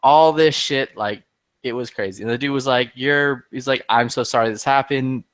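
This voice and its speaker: A podcast regular tells a heated, profanity-laced story in casual chat, fired up and acting out everyone's dialogue in an animated retelling. His voice sits at an ordinary middle pitch and moves at a moderate pace. The recording is very dry and close, with no room sound.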